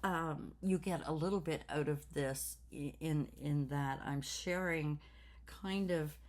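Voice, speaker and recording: A woman in her sixties talking slowly and reflectively in a personal vlog, with many fillers and repeated words. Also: low voice, darkish tone. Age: 60s. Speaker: craft channel host.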